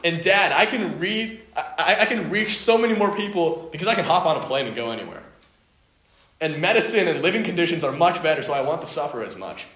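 A man's voice: on the high side, animated, a little fast, a bit bright. A man voicing an imagined pampered young man who keeps bargaining with his father for an easier life, complaining in a slightly raised voice. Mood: whining. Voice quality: whiny, bargaining. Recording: echoey room, faint noise.

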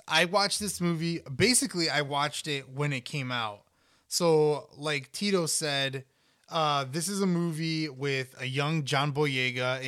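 Bright, smooth-voiced male podcast host. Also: mid-range voice, no room sound, clean studio sound. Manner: relaxed, joking, talkative. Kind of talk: casual chat.

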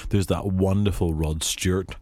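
A man hosting a casual film discussion, talking haltingly with many fillers and restarts. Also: low voice, fairly even intonation, darkish tone, dry recording. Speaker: podcast host.

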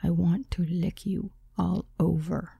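A calm, deliberate husband in a spoken memoir, speaking slowly and low, sometimes close to a whisper, as a woman narrator puts him on. The voice carries a gravelly edge and sounds dry and close. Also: no echo, lightly acted. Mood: seductive.

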